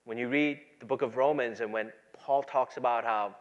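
A man's voice: medium pitch, moderate pace. Man preaching a sermon, muffled sound. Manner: swings from quiet asides to loud emphatic preaching. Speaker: pastor.

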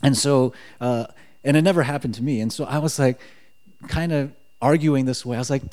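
A man giving a personal faith testimony in casual storytelling style, animated and acting out quoted dialogue. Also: mid-range voice, normal speed. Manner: animated, acts out quotes, frequent "like" fillers.

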